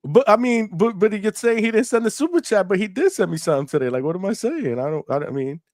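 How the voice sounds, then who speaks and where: Brief: male call-in show host, slightly high voice, playful slang, lots of laughing, dry sound. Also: animated, fast talker, darkish tone, no room sound. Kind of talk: live call-in boxing show.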